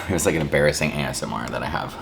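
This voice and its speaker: A man's voice: rumbling low, creaky, noisy background. A man casually chatting to his viewers while eating, rambling and saying "like" a lot, humming between bites. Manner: rambling, says "like" a lot, chews and hums between lines. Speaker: mukbang vlogger.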